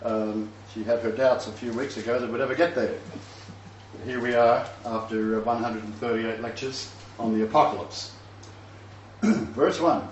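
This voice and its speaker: In a lecture room, a man with a mid-range voice gives a Bible lecture to a live class at normal speed, reading verses and tossing in chatty asides with small chuckles. The recording is roomy, distant and dull, a lo-fi room capture with slight background noise.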